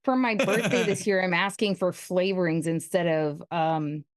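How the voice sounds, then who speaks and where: A woman's voice: fairly low pitch, fairly even intonation, moderate pace, slight background noise. A woman co-hosting a casual live stream, teasing and a bit bossy.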